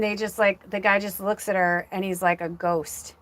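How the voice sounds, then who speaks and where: A woman's voice: medium pitch, fairly even intonation, moderate pace, a bit bright. Emotional rambling woman medium. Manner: rambling, heavy use of "like" fillers; emotional, close to tears. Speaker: psychic medium. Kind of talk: casual livestream storytelling.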